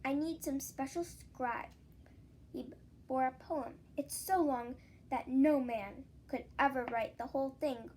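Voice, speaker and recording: A woman voicing a calm old poet man. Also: high voice, slow pace, a little hiss or hum. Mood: earnest. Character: kindly old male poet. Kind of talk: children's storybook read-aloud.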